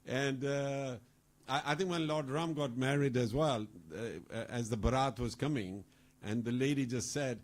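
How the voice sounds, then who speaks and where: A man of ordinary pitch gives a devotional talk at a temple festival. He speaks in a relaxed, chatty way. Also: moderate pace.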